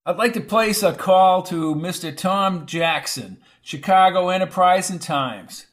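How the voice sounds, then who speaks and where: A man voicing a brash, hurried young male reporter who talks loud and pushy. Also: a little high, expressive, voice pushed up. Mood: impatient.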